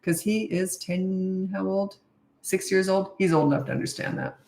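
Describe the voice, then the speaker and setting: A woman's voice: mid-range voice, moderate pace, darkish tone. A middle-aged woman parenting coach answering questions in a casual, blunt, matter-of-fact way, with chatty asides. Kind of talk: casual Q&A advice. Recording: roomy echo.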